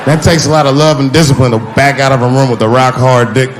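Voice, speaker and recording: A man performing stand-up comedy, telling stories in an animated way with sudden shouted bursts. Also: mid-range voice, fast talker, heavy background noise.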